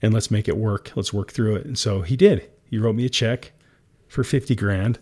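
A man's voice: on the low side, normal speed, darkish tone. A man guest in an interview, candidly recounting a hard business moment, getting teary and laughing often. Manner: emotional, laughs often, calls the host "guy". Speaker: guest entrepreneur.

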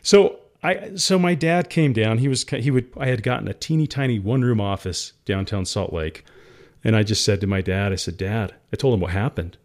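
A man's voice: lowish voice, moderate pace, darkish tone. Emotional man telling his business story. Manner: emotional, laughs often, calls the host "guy". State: teary. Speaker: guest entrepreneur. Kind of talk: candid interview storytelling.

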